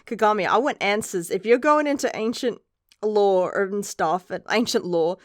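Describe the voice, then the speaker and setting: A woman's voice: medium pitch, moderate pace, no echo. Woman, casual review, chatty, rambling, curses, dry close sound. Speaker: manga reviewer.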